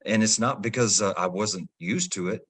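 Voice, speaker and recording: A man's voice: on the low side, moderate pace, a bit bright, slightly rough. A man in his forties, a firefighter hosting a podcast interview, talking in an earnest, clarifying way. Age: 40s.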